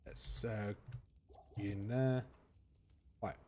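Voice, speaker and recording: A man's voice: lowish voice, steady tone, very slow, mellow, slight background noise. Man chatting through gameplay. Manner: thinking aloud, reading chat and answering viewers. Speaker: gaming streamer. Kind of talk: casual gameplay commentary.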